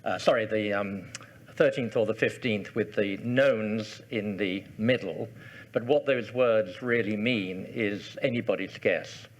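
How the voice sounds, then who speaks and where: A man giving a history lecture to an audience, soft-spoken, genial and digressive. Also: lowish voice, measured pace, muffled recording. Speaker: guest lecturer. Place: lecture hall before an audience.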